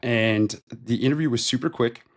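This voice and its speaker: A man's voice: medium pitch, moderate pace. A man in his thirties, a podcast guest, recounting his career in a loose, conversational interview style, with lots of "like". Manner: loose and conversational, heavy use of "like". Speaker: podcast guest, retail store manager. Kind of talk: casual interview storytelling.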